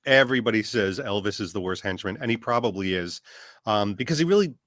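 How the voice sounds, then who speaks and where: A man talking as a guest on a podcast, animated and full of rhetorical questions. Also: on the low side, quick pace, dry recording, clean studio sound. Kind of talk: casual chat.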